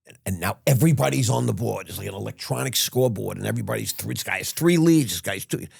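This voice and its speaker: An older man, a podcast guest, telling stories in a rambling way with halting restarts. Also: lowish voice, animated, gravelly, a little mellow, slightly rough, dry recording, studio quality. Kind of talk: casual storytelling.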